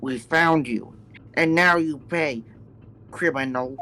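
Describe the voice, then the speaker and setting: A man's voice: fairly high pitch, takes it slowly, pushed and bright, a little hiss or hum, low-quality recording. A man voicing a stern male ship officer in a mock Russian accent, nasal and accusing, in broken English. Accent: mock Russian, nasal like a cartoon squid. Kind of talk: fan voice-over of a game scene.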